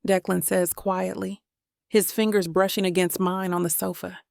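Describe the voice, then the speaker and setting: A woman narrating a first-person romance audiobook in a calm, even storytelling manner. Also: medium pitch, moderate pace, creaky, no room sound, clean studio sound.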